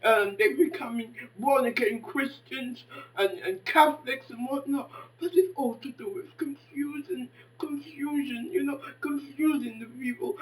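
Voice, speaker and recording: A woman in her fifties giving an impassioned monologue, dramatic and exclaiming, swinging between hushed and loud. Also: high voice, measured pace, recorded from a distance, poor audio. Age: 50s. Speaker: poet and commentator.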